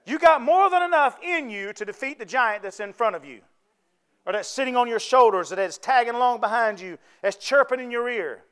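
A man's voice: very high-pitched, animated, a little fast, a bit bright, smooth. A man preaching a sermon, folksy and conversational, often asking the congregation to answer back.

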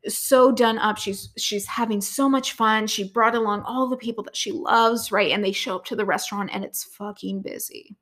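A woman's voice: mid-range voice, steady tone, moderate pace, few pauses, a bit bright. A young adult woman hosting a podcast, talking through a motivational lesson in a chatty, casual way, tossing in "right?", filler words and the odd swear. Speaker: podcast host and business coach.

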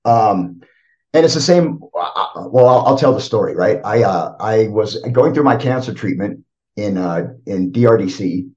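On dull lo-fi audio, a middle-aged man speaks casually and reflectively as a podcast guest, rambling with plenty of fillers and often checking in with "right?" His lowish voice is a little mellow, with lively intonation at normal speed.

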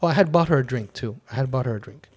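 A man's voice: mid-range voice, racing. A man hosting a podcast, telling a long personal story in casual chat and acting out what people said. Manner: animated, acts out quotes of himself and others. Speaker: podcast host.

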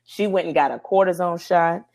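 A woman co-hosting a podcast, telling stories in an animated, emphatic way during casual chat. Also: on the low side, moderate pace, gravelly. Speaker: podcast co-host.

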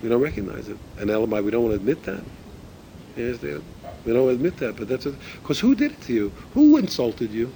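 Male torah teacher, middle pitch, conversational, rhetorical questions, faint noise. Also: sing-song, quick pace, creaky, mellow, low-quality recording. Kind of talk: religious ethics class.

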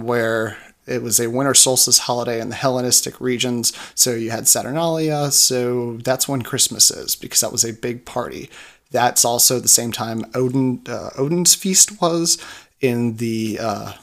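A man co-hosting a podcast, explaining beer history in a relaxed, joking way. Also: mid-range voice, normal speed, gravelly. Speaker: podcast co-host. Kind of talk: casual chat about beer history.

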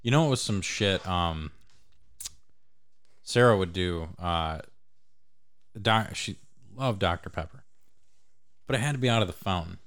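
A man's voice: low voice, lively intonation, unhurried, long pauses, fairly bright tone. A man in casual chat as a podcast co-host, given to crude, joking banter.

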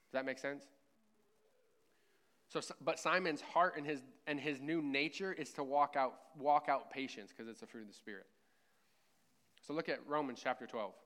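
A man's voice: medium pitch, normal speed, long pauses, fairly bright tone. A man preaching a sermon at church in a casual, conversational way, often checking in with "right?". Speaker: pastor.

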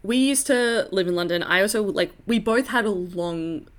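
A woman's voice: mid-range voice, normal speed. Chatty woman co-host. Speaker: podcast co-host. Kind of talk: casual chat.

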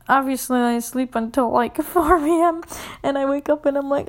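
A young woman with a fairly high voice tells a rambling casual story. She swears freely and fills every sentence with "like", and she keeps slipping into a hushed whisper. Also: moderate pace. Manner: rambling, profane, full of "like"; often drops to a whisper.

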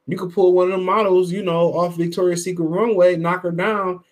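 A man's voice: sits high, flat delivery, fairly quick. A man hosting a boxing podcast, giving heated, profane casual commentary while greeting his live chat. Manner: profane, heated, emphatic and repetitive.

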